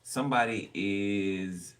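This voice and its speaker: Male tarot reader, rambling and profane, distant mic with steady noise. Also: fairly low pitch, slow pace. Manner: rambling, blunt, swears freely. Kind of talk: casual tarot reading.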